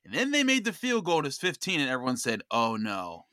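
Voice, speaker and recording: A young man telling a football story in excited podcast chat, with lots of restarts. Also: high voice, fast talker, no room sound. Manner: animated storyteller with many restarts. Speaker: podcast host of a football show, guest.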